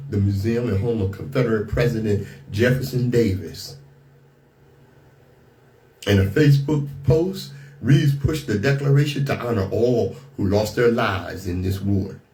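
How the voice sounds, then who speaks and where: A man's voice: fairly low pitch, measured pace, mellow. Outspoken male radio talk host. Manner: outspoken, indignant, restarts and repeats words. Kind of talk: radio commentary on news.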